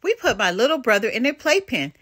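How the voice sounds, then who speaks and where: A sensible young pilot heroine from a storybook, read by a woman. She speaks plainly, in a bright voice pitched a little high. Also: big pitch swings, a little fast, no room sound, studio quality. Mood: thoughtful. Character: Violet Pilot, practical girl flyer hero.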